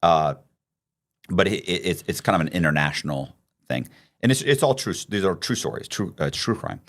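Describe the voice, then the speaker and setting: Very low-voiced man telling a story. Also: moderate pace. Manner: profane, excitable, with frequent restarts. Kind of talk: animated storytelling in casual chat.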